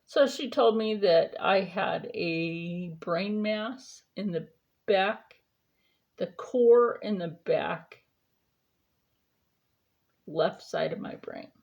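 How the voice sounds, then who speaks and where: A woman's voice: medium pitch, very slow, gravelly, long pauses, darkish tone, highs cut off. A woman vlogger chatting casually during her skincare routine, telling a rambling story with lots of fillers.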